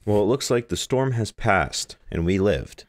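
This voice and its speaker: A man's voice: on the low side, animated, a little slow, no echo, studio quality. A man co-hosting a podcast in casual chat, talking hesitantly with lots of fillers. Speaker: podcast co-host.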